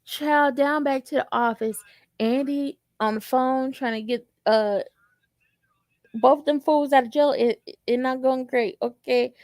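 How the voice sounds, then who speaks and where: A young woman in a sassy, joking tone recapping a TV episode in a casual, animated way. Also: sits high, unhurried, dry recording. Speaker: tv recap vlogger.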